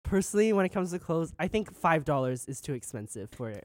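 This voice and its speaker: A young woman co-host with a lowish, animated voice. She speaks bluntly and fades quietly at the ends of her lines. The recording is dry and close. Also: brisk, dry recording. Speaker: podcast co-host. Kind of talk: casual chat.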